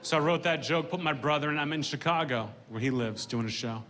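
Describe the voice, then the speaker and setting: A man performing a stand-up comedy set onstage, with a deadpan delivery. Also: on the high side, a little fast. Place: stage before a live audience.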